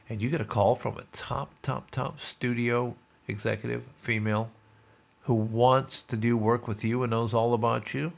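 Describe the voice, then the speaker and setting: Gravelly-voiced man reading a story. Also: mid-range voice, fairly even intonation, moderate pace. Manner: wry, sardonic asides. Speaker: podcast host. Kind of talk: reading a news story aloud with asides.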